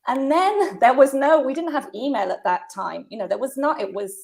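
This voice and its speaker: A woman in her fifties, a guest telling stories in a casual conversation, animated and laughing often. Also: high-pitched, moderate pace, gravelly.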